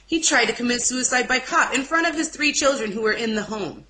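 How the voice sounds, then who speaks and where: A young woman giving an emotional personal testimony in an informal interview, speaking haltingly with restarts. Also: a little high, animated, background noise. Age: young adult. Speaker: interview guest.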